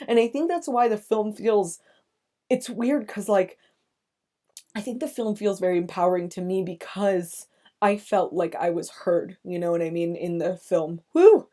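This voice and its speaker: A young woman hosting a podcast, recapping a film in casual chat, speaking in halting restarts with nervous laughs as she gets emotional. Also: mid-range voice, warm tone. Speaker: podcast host.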